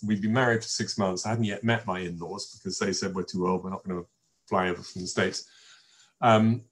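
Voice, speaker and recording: An older man talks through a wine tasting from his home. His voice sits a little low, and he wanders through his stories with frequent fillers and restarts, in a chatty, unscripted way. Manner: rambling anecdotal storyteller with many fillers and restarts. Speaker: wine presenter. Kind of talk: informal tasting talk to an online audience. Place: home in a village.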